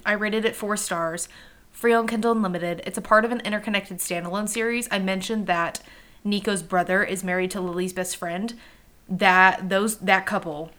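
A woman's voice: mid-range voice, pushed and bright. A young woman talks through book recommendations in a loose, conversational way, with an ordinary mid-range voice. She is candid and cheerfully profane, addressing her listeners directly. The recording is a simple home setup. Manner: candid and chatty, swears freely, talks to listeners. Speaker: podcast host. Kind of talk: casual book-review chat. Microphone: home recording by a front window.

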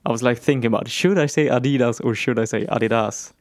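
A man's voice: medium pitch, no room sound, clean studio sound. Playful, insistent man in casual chat. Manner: insistent yet playful, quick to laugh.

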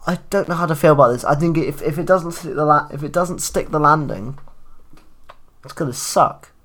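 A man's voice: on the high side, moderate pace, a bit bright. A man co-hosting a podcast, chatting casually about a TV episode, laughing often and rambling with restarts. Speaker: podcast co-host. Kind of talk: casual chat recapping a TV episode.

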